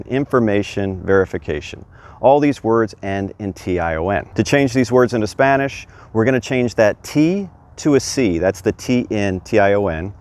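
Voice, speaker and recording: A man's voice: fairly low pitch, darkish tone. A man teaching a video language lesson outdoors, upbeat and explanatory, spelling out letters as he goes. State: sweating in the heat. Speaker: Spanish teacher. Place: outdoors in hot weather.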